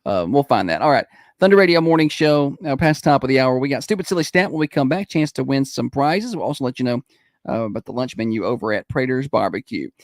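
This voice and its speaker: A man's voice: medium pitch, lively intonation, fast talker. Joking radio host, man. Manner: joking, easygoing rambling. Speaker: radio morning show host. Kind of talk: casual radio banter.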